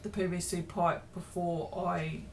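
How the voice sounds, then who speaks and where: This tired small business owner sits in her home craft room and rambles to camera in an unhurried, low-ish, fairly even voice. She's casual and self-deprecating, with plenty of ums and side tangents, and the audio carries a faint hiss or hum.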